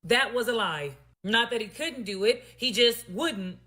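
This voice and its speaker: A woman's voice: on the high side, measured pace, bright, forceful tone. A woman vlogger telling a storytime monologue to her viewers, emphatic and sassy, with pointed asides.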